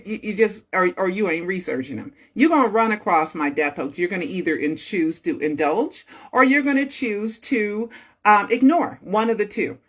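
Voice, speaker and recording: A woman's voice: lowish voice, fairly bright tone. A woman talking casually to her viewers, chatty and emphatic, repeating herself for stress and laughing often. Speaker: online video host.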